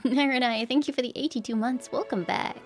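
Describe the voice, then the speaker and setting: A woman's voice: high voice, brisk. A young woman streaming a game live from home, chatting loosely, laughing often and thanking viewers by name. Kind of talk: live gameplay commentary. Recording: game music playing behind. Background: game music.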